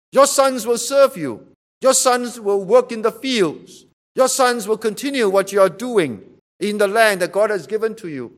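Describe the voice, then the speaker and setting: A man preaching a sermon, emphatic and repeating rhetorical questions to drive his point home. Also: high voice.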